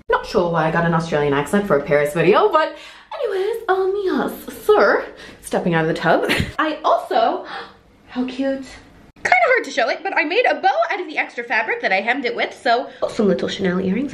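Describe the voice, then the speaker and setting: A woman hosting an excited travel vlog, bubbly and gasping, sometimes dropping into hushed whispers, talking in a hotel room and then at outdoor markets. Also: sits high. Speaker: vlog host. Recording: background music under voice.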